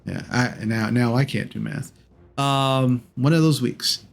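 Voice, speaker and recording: Narrating a tabletop game as game master, a man with a medium-pitched voice and vocal fry takes his time, rambling with lots of ums and correcting himself. Soft music plays in the background.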